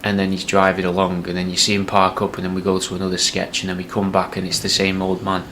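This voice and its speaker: Rambling man, low voice. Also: monotone, quick pace, a bit bright, a little hiss or hum. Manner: rambling, hesitant, says "and that". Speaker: comedy podcast host. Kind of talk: casual sketch pitch.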